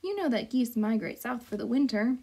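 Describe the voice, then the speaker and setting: Gentle robot mom, slow and formal, soft husky voice , woman reading aloud. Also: a little high, exaggerated voice. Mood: calm. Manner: slow, even and formal, no contractions. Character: calm, polite robot mother, female. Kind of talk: storybook read-aloud.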